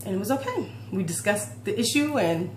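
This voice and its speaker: A woman's voice: mid-range voice, lively intonation, brisk. Heartfelt woman in her forties, roomy echo. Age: 40s. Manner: heartfelt, emotional, rambling with restarts. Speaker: fitness vlogger. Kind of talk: personal confessional vlog talk. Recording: roomy echo with faint hum.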